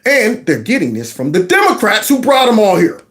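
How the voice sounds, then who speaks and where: A man's voice: high-pitched, huge pitch swings, a little fast, a bit bright. A man hosting a political commentary livestream, sarcastic and mocking as he talks back to clips he plays. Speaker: host of a political commentary channel.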